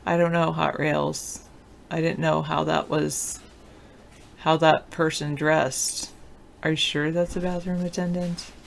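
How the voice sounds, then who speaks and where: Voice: mid-range voice, level tone, takes it slowly, creaky, slight background noise. A teacher hosting a political talk show, chatting in a loose, offhand and sleepy way while answering viewer comments. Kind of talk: casual chat, reading and answering viewer comments.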